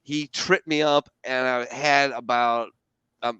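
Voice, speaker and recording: A middle-aged man hosting a podcast, telling stories in casual, profane, animated chat. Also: medium pitch, takes it slowly, smooth, no room sound. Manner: animated storytelling with profanity and laughter. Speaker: podcast host.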